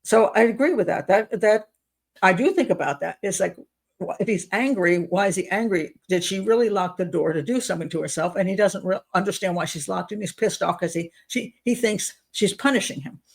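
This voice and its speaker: Woman profiler host, sarcastic, incredulous commentary, mid-pitched. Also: a little fast, gravelly.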